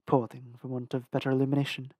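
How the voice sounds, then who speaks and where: Dry, measured audiobook narrator. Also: medium pitch, little pitch movement, mellow, husky, no room sound. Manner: measured, careful reading with small restarts. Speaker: audiobook reader. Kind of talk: storybook narration.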